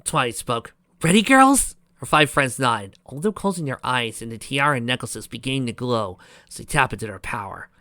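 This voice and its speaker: A man's voice: mid-range voice, fairly quick, pushed and bright, dry recording, studio quality. A man reading a fan fiction story aloud and breaking off into sarcastic commentary. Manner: sarcastic, ranting asides.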